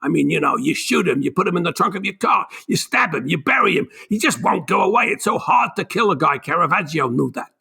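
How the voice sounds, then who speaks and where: A man doing a gruff New York film director. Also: high-pitched, animated, a little fast, hardly any pauses, bright, forceful tone, full character voice.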